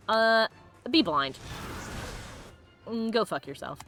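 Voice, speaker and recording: A woman's voice: mid-range voice, sing-song, normal speed, sharp tone, faint music behind. A woman streaming a video game, chatting casually and swearing at enemies between laughs. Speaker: let's play streamer. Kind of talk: casual gameplay commentary.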